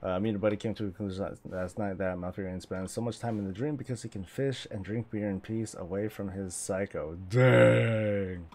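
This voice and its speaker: A man with a fairly low voice rambles through casual chat while he plays a game on stream. He jokes and laughs often as he talks into his desk mic. Faint ambient noise sits under his voice. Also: fast talker, few pauses, mellow.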